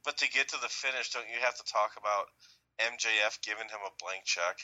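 A man co-hosting a casual podcast, talking animatedly and doing quick voices when quoting people. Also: fairly low pitch, lo-fi sound. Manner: animated, mimics voices in quoted bits. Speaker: podcast co-host. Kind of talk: casual wrestling talk.

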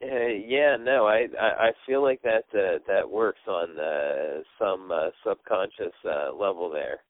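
A man with a low voice hosts a relaxed podcast chat at an unhurried pace, hesitating and using many filler words as he gathers his thoughts. His voice sounds narrow and tinny, like a phone line, and the recording is dry with no echo or room around it.

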